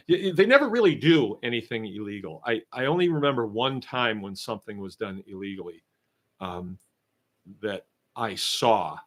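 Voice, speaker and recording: Middle-aged male homestead host, mid-pitched voice, animated and sarcastic livestream chatter. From Shrewsbury, Massachusetts. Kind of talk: casual livestream chat reading viewer comments.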